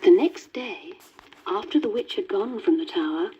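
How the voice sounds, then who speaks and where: A woman reading a children's storybook aloud in a gentle, lilting manner. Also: medium pitch, a little slow, slightly rough. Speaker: story reader. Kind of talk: scripted storybook narration. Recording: dull worn vinyl record with faint hiss.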